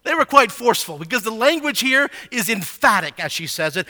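A man teaching a Bible passage in a sermon, animated and asking his listeners frequent rhetorical questions. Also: very high-pitched, fairly quick, hardly any pauses.

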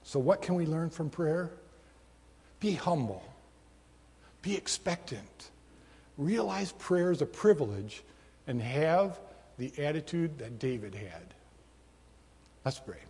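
A man's voice: on the high side, lively intonation, slow pace, long pauses, darkish tone, husky, long reverb tail. A man preaching a sermon as pastor, telling a story and leading prayer with an earnest manner.

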